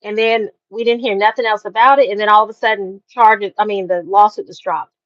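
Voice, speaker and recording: A woman hosting a casual chat show, telling stories in an animated way, full of slang. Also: medium pitch, fairly quick, dry recording. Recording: dull dry lo-fi sound.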